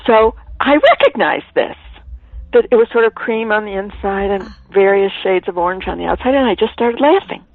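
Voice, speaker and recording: A woman author telling stories as a guest on a radio interview, animated, at times dropping to a soft whisper, heard over a phone line. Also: medium pitch, normal speed, no echo. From Ireland. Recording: tinny phone line, dry.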